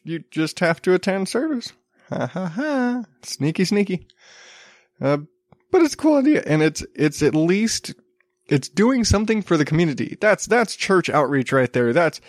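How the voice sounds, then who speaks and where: A man in his thirties hosts a podcast, rambling casually about news stories with wry asides and chuckles. He sounds slightly sick and coughs at times; his voice sits on the high side, with no echo.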